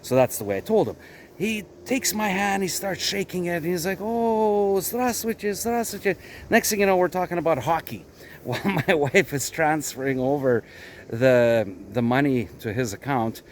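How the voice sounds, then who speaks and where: Canadian man, fairly high-pitched, casual rambling vlog host, outdoor garden, faint background noise. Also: animated, moderate pace. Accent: Canadian English. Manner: chatty, rambling explanations. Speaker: vlogger. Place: outdoors at a country garden plot.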